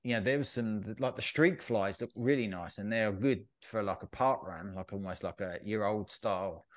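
A lower-pitched man chatting casually on a podcast. He tells animated stories and slips into higher voices when quoting people. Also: normal speed. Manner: animated storyteller, mimics shop staff with raised pitch. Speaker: podcast co-host. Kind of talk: casual chat.

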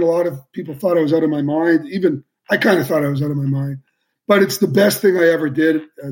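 Relaxed man, slightly high voice. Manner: relaxed, reflective, hedging with fillers. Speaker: media company executive guest. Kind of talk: casual interview conversation.

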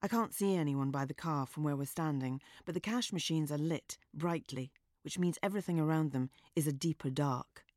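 A woman narrating a story in a measured, wry and understated way. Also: low-pitched, darkish tone, no echo, clean studio sound. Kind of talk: audiobook narration.

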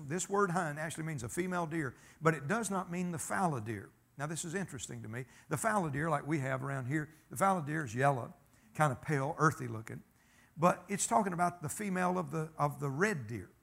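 A man's voice: a little high, gravelly, a bit bright, breathy edge. A man preaching a sermon, folksy and emphatic, telling stories and calling for amens. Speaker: pastor.

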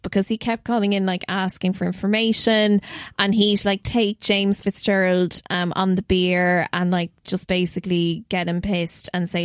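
A young Irish woman hosts a podcast, telling a story in a chatty, animated way and swearing freely. Her pitch sits in the middle. The recording is dry and close, with no room sound. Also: normal speed, clean tone, no room sound. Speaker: podcast host. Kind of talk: casual storytelling.

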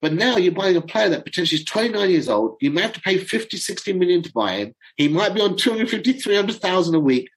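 A middle-aged man chatting to viewers as a football fan commentator, excitable and chatty, often stumbling over names. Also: high voice, quick pace, hardly any pauses, rough recording. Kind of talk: casual chat to viewers.

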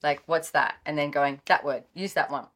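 A middle-aged Australian woman, a guest author, telling animated stories and acting out the dialogue. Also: normal speed. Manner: lively, acts out quoted dialogue with pitch jumps. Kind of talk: animated storytelling in interview.

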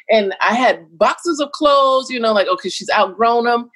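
Animated woman guest, higher voice. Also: moderate pace, hardly any pauses. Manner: animated, jumps between quoted voices and laughs. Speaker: interview guest. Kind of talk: casual interview chat.

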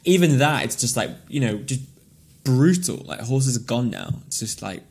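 Rambling, excitable man. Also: mid-range voice, normal speed, vocal fry, husky. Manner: excitable, rambling, frequent fillers. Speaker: podcast co-host. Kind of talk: casual chat.

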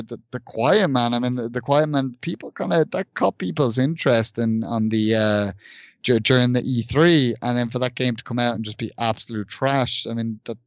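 A man's voice: mid-range voice, no room sound, dull audio. A man co-hosting a casual gaming podcast, rambling with many restarts. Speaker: podcast co-host.

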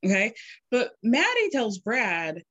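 Female co-host, animated recap storyteller, bouncy pitch, bone-dry mic. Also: slow, husky, no room sound, muffled recording. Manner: giggly, animated storytelling with quoted voices. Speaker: podcast co-host. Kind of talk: casual recap chat.

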